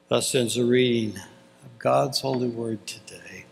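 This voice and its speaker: Slow-preaching pastor, man, churchy reverb. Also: mid-range voice, creaky. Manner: dramatic, with long pauses for emphasis. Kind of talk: sermon. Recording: long reverb of a church hall.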